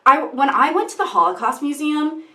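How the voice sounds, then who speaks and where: A woman's voice: sits high, big pitch swings, brisk, pushed and bright. A young woman vlogging in casual, rambling commentary, often breaking off into tangents and giggling. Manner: rambling, self-interrupting, giggly. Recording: echoey room.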